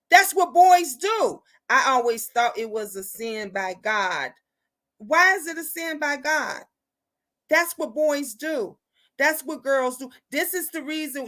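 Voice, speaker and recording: A woman's voice: high voice, pushed and bright. A middle-aged woman hosting a casual livestream chat with viewers, talking bluntly and animatedly, often tagging "okay?" onto her points. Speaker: livestream host.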